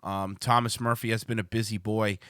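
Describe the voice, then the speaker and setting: A man's voice: fairly low pitch, level tone, brisk, a bit bright, clean tone, no room sound, studio quality. A man hosting a livestream show, rambling and swearing casually as he chats to viewers. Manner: rambling, profane, restarts a lot.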